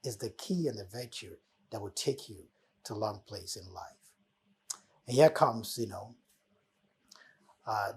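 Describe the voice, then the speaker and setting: A man's voice: on the low side, darkish tone, husky. A man hosting a motivational talk, preaching life lessons with emphatic, repeated phrases. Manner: preacherly, repeating key words with emphatic swells. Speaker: host.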